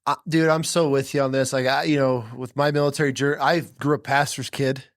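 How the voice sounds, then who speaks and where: A man hosting a podcast, telling a story in an animated, emphatic way with plenty of swearing. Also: mid-range voice, a little fast, no echo, studio quality. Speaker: podcast host. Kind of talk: casual conversation.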